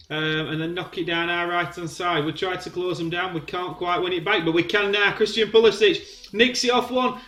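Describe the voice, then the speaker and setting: A man giving excited play-by-play commentary on a football video game, shouting when goals go in. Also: sits high, roomy sound. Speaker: gaming commentator.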